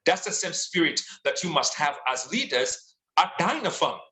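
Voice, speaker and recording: A man's voice: on the high side, sing-song, moderate pace, sharp tone, roomy sound, poor audio. A man from Zambia, giving a motivational sales training talk with emphatic, repetitive exhortations. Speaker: sales and leadership trainer, guest speaker.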